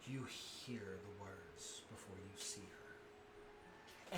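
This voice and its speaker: A man running a tabletop game as game master, narrating in a relaxed, rambling way. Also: low voice, extremely slow, pauses often. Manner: laid-back, rambling narration. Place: shared room with players. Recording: echoey room, background hiss.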